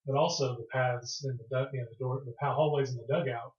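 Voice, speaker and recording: A man's voice: mid-range voice, fairly even intonation, quick pace. A man playing a tabletop game, thinking aloud in a hesitant way with many restarts. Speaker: player. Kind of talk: casual tabletop play. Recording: echoey room, dull lo-fi sound.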